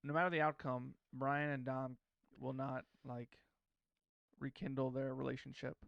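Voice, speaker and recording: A man talks through a film scene on a podcast. He rambles and cuts himself off mid-thought. His voice is gravelly yet clear, and the close mic sounds dry. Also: mid-range voice, level tone, moderate pace, no room sound, dull audio. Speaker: podcast co-host. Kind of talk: casual movie-breakdown chat.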